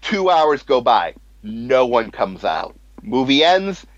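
A man's voice: medium pitch, very animated, takes it slowly, no room sound. A man telling a profane story in casual talk, laughing at his own jokes. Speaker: storyteller, former cinema manager. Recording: dull lo-fi sound.

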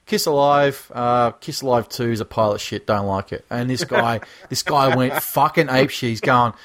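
A man's voice: medium pitch, moderate pace, fairly bright tone. A man co-hosting a podcast in casual chat, ranting with sarcasm and plenty of swearing. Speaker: podcast co-host.

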